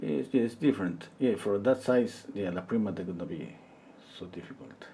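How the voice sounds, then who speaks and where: A man in his fifties, a portrait painter chatting casually on a livestream and telling rambling, animated stories. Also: on the low side, normal speed, gravelly, a little hiss or hum. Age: 50s. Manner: rambling, animated storytelling full of "you know".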